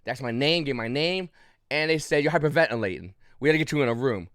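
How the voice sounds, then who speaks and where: A man's voice: medium pitch, animated, quick pace, a bit bright, clean tone, no echo, clean studio sound. A man casually recounting a story to the camera, rambling with restarts and short of breath, with frequent coughs. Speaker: YouTube channel host.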